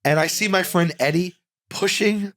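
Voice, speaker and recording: A comedian telling an animated story in casual talk, with restarts and acted-out quotes, in a studio. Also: male voice, high voice, normal speed, no room sound. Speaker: comedian guest.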